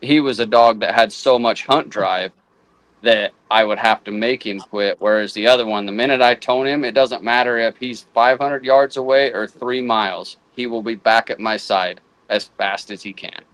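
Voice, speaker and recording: A man's voice: mid-range voice, fairly even intonation, a bit bright, dry recording, low-quality recording. A man in a casual chat, often restarting and repeating words as he works out his thought. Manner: halting, repeats words while thinking. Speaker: guest houndsman.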